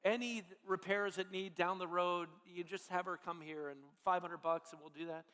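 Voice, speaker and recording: A man with a high, bright voice preaches a sermon. He tells it earnestly and haltingly, restarting his phrases often. The sound carries the long reverb of a big church hall. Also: steady tone, smooth. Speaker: pastor. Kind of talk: sermon storytelling.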